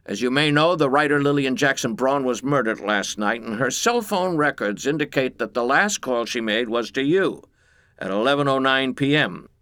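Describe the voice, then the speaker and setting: A man's voice: mid-range voice, animated, normal speed, fairly bright tone, no room sound. A man voicing a male police detective leaving an official, businesslike voicemail.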